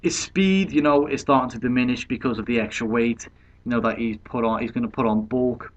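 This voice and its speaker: A man's voice: mid-range voice, fairly quick. A man talking through a boxing fight prediction in a casual, conversational way, often saying "you know". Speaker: boxing pundit. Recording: dull lo-fi recording.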